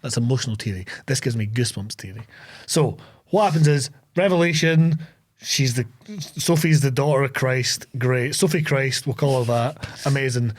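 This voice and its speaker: A man with a Scottish accent, co-hosting a podcast and excitedly recapping a film with a lot of swearing. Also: medium pitch, normal speed. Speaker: podcast co-host. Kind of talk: casual chat.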